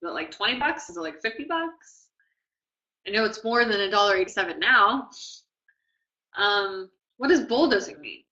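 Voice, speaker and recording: Woman tutor lecturing a class, bright voice, kinda muffled lo-fi recording, keeps saying okay and right. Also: mid-range voice, big pitch swings, moderate pace, long pauses. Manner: chatty, asks "okay?" and "right?" often. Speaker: test prep tutor.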